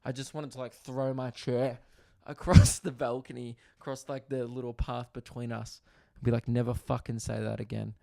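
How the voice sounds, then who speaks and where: Young male comic host, gravelly voice, casual storyteller who swears a lot and acts out voices. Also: medium pitch, moderate pace, no echo, studio quality. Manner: animated, swears freely, acts out others' voices. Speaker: comedian podcast host.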